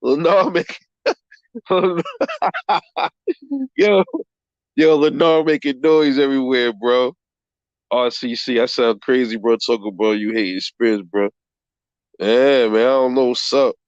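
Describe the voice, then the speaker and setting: A man's voice: mid-range voice, fairly even intonation, dry recording, muffled recording. A man hosting a boxing channel livestream, reading viewer comments in a profane, rambling way and calling everyone bro. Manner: profane, rambling, quick to laugh.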